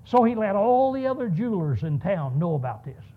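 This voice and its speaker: A man's voice: sits high, sing-song, brisk. A man preaching a sermon, telling a story and asking rhetorical questions. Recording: tinny phone-like sound.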